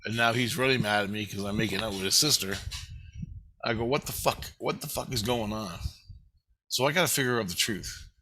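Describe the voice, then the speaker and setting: Guy ranting on his vlog, swears nonstop, sharp bright voice, all worked up. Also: on the low side, fairly quick. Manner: profane, agitated, swears constantly. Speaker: vlogger. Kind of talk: rambling first-person monologue.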